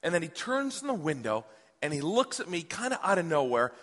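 A man in his thirties preaching a sermon, telling a personal story with hushed and excited swings. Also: a little high, a little fast. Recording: long hall reverb.

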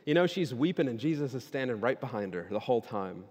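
A man preaching a sermon, casual at first and then animated, building to loud emphatic peaks. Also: medium pitch, quick pace. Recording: long reverb of a hall.

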